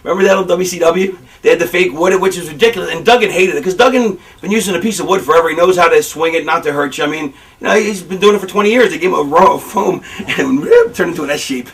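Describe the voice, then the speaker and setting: A man's voice: sits high, fast, few pauses, recorded from a distance, low-quality recording. A man in a shoot interview explaining wrestling booking, swearing freely and acting out fans' reactions. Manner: profane, animated, acts out fan reactions. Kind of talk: shoot interview, casual storytelling.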